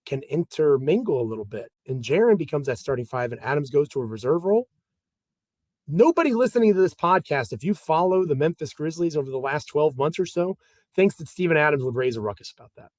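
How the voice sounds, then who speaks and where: A man's voice: on the high side, a little mellow, no echo. A man hosting a solo sports podcast, talking in an emphatic, conversational way with an uneven pace. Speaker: podcast host.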